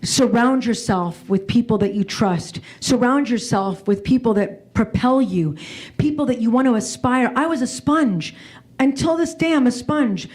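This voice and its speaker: A woman's voice: a little high, a little slow, darkish tone. A woman in her forties giving a personal, emotional talk to an audience, often restarting and repeating her words. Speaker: keynote speaker. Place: event hall before an audience.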